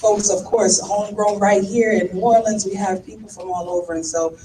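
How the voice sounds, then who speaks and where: A woman's voice: mid-range voice, steady tone, normal speed, mellow. A woman with a lilt hosting a conference, emotional and laughing as she welcomes the crowd. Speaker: conference founder and host. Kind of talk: warm welcome speech. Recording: echoey hall, distant mic, noise.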